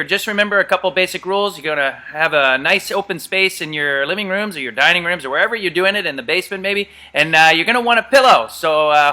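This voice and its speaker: A man's voice: fairly high pitch, sharp tone. A man coaching an upbeat virtual home workout class, calling out commands and making sound effects, recorded in an empty gym. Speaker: gymnastics coach.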